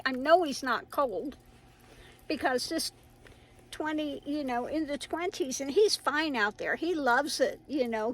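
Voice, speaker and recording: A middle-aged tarot reader with a high voice hosts her own channel, chatting casually and rambling to viewers while laughing often. The recording quality is low.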